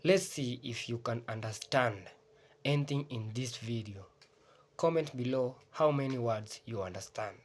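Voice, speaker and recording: A man reading scripted voice-over commentary for a reaction video in an even, joking way. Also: mid-range voice, moderate pace. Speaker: reaction channel host.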